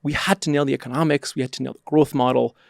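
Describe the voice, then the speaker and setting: Gravelly-voiced male startup founder. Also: mid-range voice, steady tone, quick pace, no echo, clean studio sound. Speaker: startup CEO guest. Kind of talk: casual interview chat.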